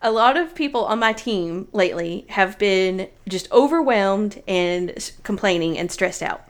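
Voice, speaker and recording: A woman in her thirties co-hosting a casual chat, talking in a chatty, animated way and laughing often. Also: medium pitch, measured pace.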